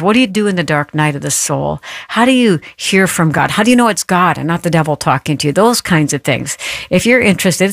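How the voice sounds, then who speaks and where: A woman's voice: on the low side, dry recording, studio quality. A woman hosting a Christian talk show with fervent, affirming interjections, welcoming a guest and reading announcements.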